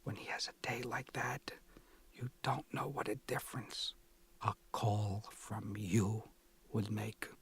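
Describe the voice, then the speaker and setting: A man's voice: mid-range voice, moderate pace, slightly rough. A man whispering as a guilt-tripping mother. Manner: hushed, wheedling whisper. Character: anxious nagging Jewish mother, middle-aged, guilt-tripping. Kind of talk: audiobook narration.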